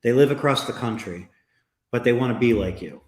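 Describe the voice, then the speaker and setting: A man's voice: mid-range voice, brisk, a little mellow, echoey room. A male podcast host interviewing a guest in a teasing, sarcastic way.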